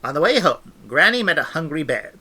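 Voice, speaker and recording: A man reading a novel aloud with expressive, animated storytelling. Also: on the high side, brisk, husky. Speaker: audiobook reader.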